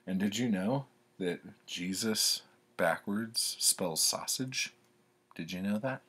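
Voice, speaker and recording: A man's voice: lowish voice, takes it slowly, sharp tone, husky. A man reading his old childhood poems aloud and commenting on them in a wry, self-mocking way.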